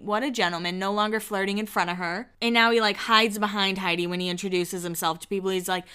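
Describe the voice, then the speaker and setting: A woman hosting a podcast, recapping reality TV in a chatty, snarky, animated way. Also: medium pitch, quick pace, hardly any pauses, clean tone. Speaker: podcast host. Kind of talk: casual reality-TV recap chat.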